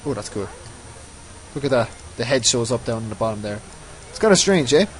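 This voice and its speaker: A man's voice: mid-range voice, animated, a little fast, rough recording. A man giving casual, rambling commentary over his own gameplay, often mocking himself. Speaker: let's play host.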